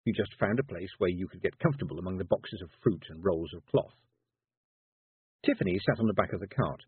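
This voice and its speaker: A man narrating a storybook with a low, very husky voice that rises and falls widely. The reading is expressive and measured, and the sound is dry and tinny like a phone line. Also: dry recording. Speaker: audiobook narrator.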